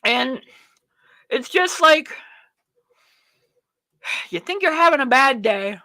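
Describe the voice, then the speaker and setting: A woman's voice: high voice, expressive, slow, pushed and bright, no room sound. A woman hosting a livestream talk show, ranting bluntly and swearing freely, rambling with restarts and talking to herself. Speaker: show host. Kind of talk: livestream commentary.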